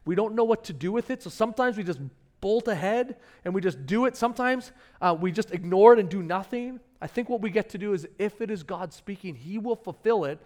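A middle-aged man preaching a sermon as pastor, telling stories in a conversational way with lively rises in pitch and loudness. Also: brisk. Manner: conversational storytelling, animated rises in pitch and volume.

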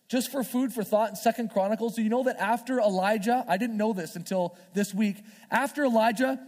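A male pastor giving a sermon in a church, talking in a conversational, earnest way, as if thinking out loud. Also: high voice. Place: church sanctuary. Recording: long hall reverb, faint music behind.

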